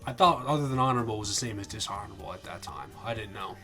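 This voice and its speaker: A man's voice: fairly low pitch, racing, pushed and bright. Man, young vet, swearing a lot, venting a story, faint music under it. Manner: angry, profane, acts out quoted dialogue. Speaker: army veteran vlogger. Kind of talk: casual storytelling.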